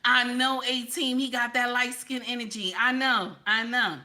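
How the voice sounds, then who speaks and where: A woman hosting a casual livestream chat, animated and playful, teasing her viewers and tossing in "okay?" again and again. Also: a little high, moderate pace, hardly any pauses. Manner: keeps repeating "okay?". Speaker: livestream host.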